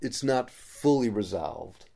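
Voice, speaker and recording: A man's voice: lowish voice, animated, slow pace, vocal fry, mellow. A man hosting a casual movie review chat, speaking in a dry, critical way, often stammering and restarting. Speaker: podcast host.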